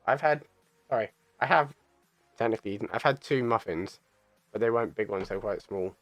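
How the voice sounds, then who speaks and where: A man's voice: on the low side, fairly quick, dry recording, faint music behind. A man casting an esports tournament, chatting casually on a live stream between matches, chatty and giggly. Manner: chatty, giggly, plays with silly voices.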